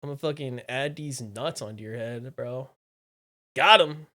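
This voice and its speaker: Playful live streamer, teasing banter, mid-range voice, swings from muttering to loud outbursts. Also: mid-range voice. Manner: playful, teasing, jumps from mumbling to loud exclamations; repeats phrases, quick asides to chat. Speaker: livestreamer. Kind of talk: casual live-stream chat, answering viewers.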